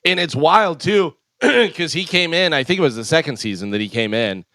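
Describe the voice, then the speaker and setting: A man's voice: fairly high pitch, animated, normal speed, pushed and bright, no room sound, studio quality. A man co-hosting a morning radio show, chatting casually and hesitating with many uhs. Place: radio studio.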